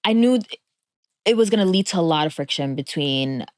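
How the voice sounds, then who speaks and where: A woman's voice: fairly low pitch, lively intonation, brisk, no room sound, studio quality. Reflective young woman hosting a podcast. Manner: reflective and relatable, laughs often. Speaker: podcast host. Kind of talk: casual conversational chat.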